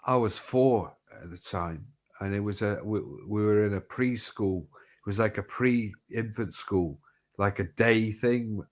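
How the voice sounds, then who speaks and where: A middle-aged man, telling rambling stories in casual chat, swearing freely and restarting his sentences. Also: lowish voice.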